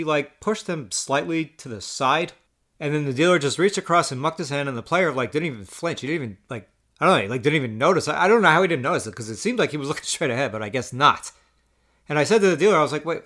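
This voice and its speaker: A man's voice: medium pitch, fairly bright tone. A man telling a poker table story as an exasperated, profane rant, full of stammered restarts. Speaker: poker player vlogger. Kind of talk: ranting storytelling.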